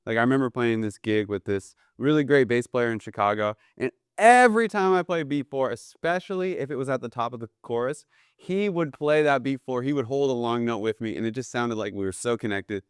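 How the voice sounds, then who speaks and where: A man teaching a jazz drum lesson in a relaxed, eager way, often checking in with "right?" between drum examples. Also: mid-range voice, a little fast, clear, resonant tone, no room sound, clean studio sound. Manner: casual, enthusiastic, keeps asking "right?". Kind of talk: instructional video lesson. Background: drum kit played between phrases.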